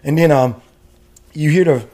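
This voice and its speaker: A retired American Army veteran man telling a war story in casual chat, animated and profane, laughing often. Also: on the high side, moderate pace. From United States.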